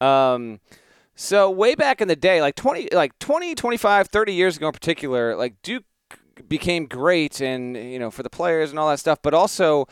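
A man's voice: a little high, sing-song, normal speed, smooth, no echo. Co-host, male, rambling filler-heavy explainer, clean dry close sound. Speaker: sports podcast co-host. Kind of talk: late-night casual sports chat.

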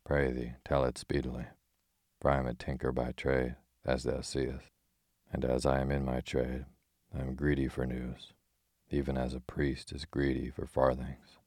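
A gruff, blustering tinker, as a deep-voiced narrator reads him. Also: male voice, monotone, normal speed, a little mellow, no echo, studio quality. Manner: blustering, archaic speech. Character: gruff news-hungry tinker man, quick to bristle.

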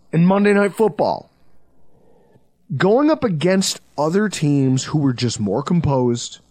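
A man hosting a sports podcast, telling stories in a lively, swearing, casual way. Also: dry recording. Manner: animated, storytelling, swings between low intensity and loud outbursts. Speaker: podcast host.

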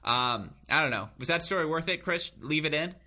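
A man co-hosting a podcast, telling rambling self-mocking stories with bursts of high laughter. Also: expressive, normal speed, sharp tone. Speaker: podcast co-host. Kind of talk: casual chat.

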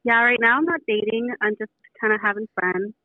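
A woman's voice: on the high side, brisk, dry recording. A woman in her twenties from San Jose, a caller gushing and giggling as a fan over the phone. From San Jose, California. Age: 20s. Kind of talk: phone call chat. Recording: tinny dry phone line.

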